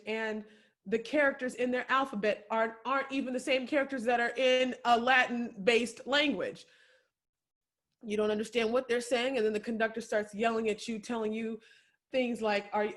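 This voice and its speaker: A woman giving an impassioned, preacher-like keynote speech, repeating phrases for emphasis, tearful at times. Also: a little high. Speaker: keynote speaker. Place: home, remote video address.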